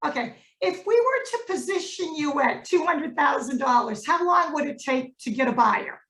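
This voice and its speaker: A woman with a high voice takes the agent's part in a role-play, heard from a distance in an echoey room. She talks in an earnest, slightly hesitant way. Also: lively intonation, normal speed, a bit bright.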